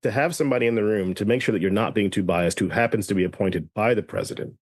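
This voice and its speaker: A man with a low-set voice talks through politics in a loose, rambling way. He stumbles, restarts and corrects himself as he goes. The sound is close and dry, with no room around him. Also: quick pace, no echo. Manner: rambling, self-correcting with many restarts and fillers. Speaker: podcast co-host. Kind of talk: casual political chat.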